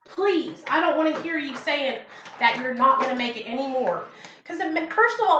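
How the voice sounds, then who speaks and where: A young woman with a high voice gives an earnest, encouraging pep talk on a casual livestream and keeps repeating her points. The sound is dull and lo-fi, with a roomy echo around her. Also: normal speed, a bit bright, slight background noise. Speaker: recovery livestream host. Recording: echoey room, dull lo-fi sound.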